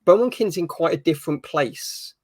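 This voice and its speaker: A man appears as a guest author in an interview, answering casually, thoughtful and a bit hesitant with dry humor. His voice is on the high side with lively intonation and a normal speed. There's no room sound.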